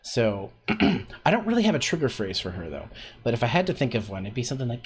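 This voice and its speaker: A man's voice: medium pitch, big pitch swings, fast talker. A man hosting a casual voice acting workshop on a stream, talking loosely with lots of filler words. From Canada. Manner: loose and rambling, heavy on fillers like "like" and "um". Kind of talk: casual livestream teaching.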